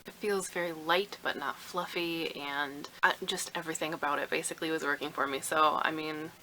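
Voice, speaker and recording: A woman's voice: deep voice, fairly even intonation, a little fast, sharp tone, a little hiss or hum, poor audio. A woman giving a chatty, enthusiastic book review in a casual vlog.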